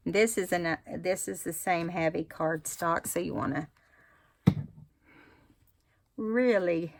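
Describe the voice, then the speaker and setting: Her voice is lowish and gravelly, slow, with frequent pauses. This woman, a craft vlogger, talks casually through a tutorial and thinks out loud while working.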